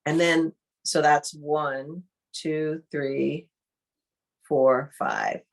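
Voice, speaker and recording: A woman leading an online art workshop, calmly thinking aloud as she demonstrates each step. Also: low-pitched, gravelly. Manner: calm, unhurried, thinks aloud while demonstrating. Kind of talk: online interactive workshop teaching.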